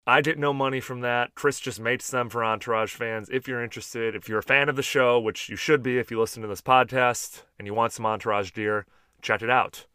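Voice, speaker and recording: A man hosting a podcast, reading sponsor notes and chatting with a guest in an upbeat way, quick to laugh. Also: medium pitch, fairly even intonation, sharp tone, clear, resonant tone, no echo, clean studio sound. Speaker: podcast host. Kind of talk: casual podcast chat.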